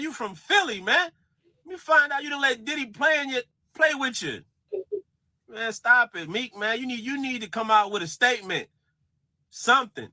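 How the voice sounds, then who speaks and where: A man's voice: extremely high pitch, bright, forceful tone, dry recording. A man ranting casually to the camera, teasing and speaking straight to the person he's talking about. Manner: teasing, addresses the subject directly. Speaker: commentator.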